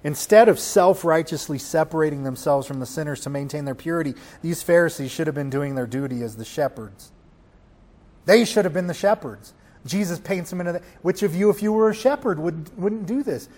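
A male pastor delivering a sermon in a fairly high voice. He swells from near-whispers to loud declarations and keeps asking the listeners questions. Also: lively intonation, fairly quick. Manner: preaching with swells from hushed to loud; rhetorical questions to the congregation.

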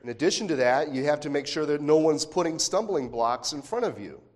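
A man's voice: on the high side, lively intonation, brisk. A man preaching a sermon as pastor, talking in a conversational way with frequent rhetorical questions and restarts. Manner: repeats words when restarting phrases.

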